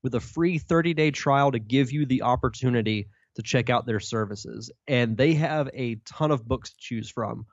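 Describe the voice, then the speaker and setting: A man's voice: medium pitch, moderate pace, few pauses, dry recording. A man co-hosting a retro gaming podcast, easygoing and full of "uh" fillers, also reading the sponsor spot. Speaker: podcast co-host. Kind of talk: casual podcast chat and host-read ad. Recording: dull lo-fi mic.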